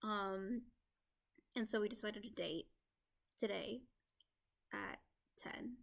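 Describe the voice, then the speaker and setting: A woman's voice: mid-range voice, slow, creaky. A young American woman talking in a casual, rambling vlog on her laptop microphone, full of "like" fillers. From United States. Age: young adult. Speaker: vlogger. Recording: lo-fi laptop recording.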